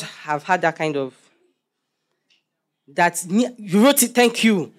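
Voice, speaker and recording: A young man preaching a sermon, animated and joking as he quizzes the congregation. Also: high voice, takes it slowly.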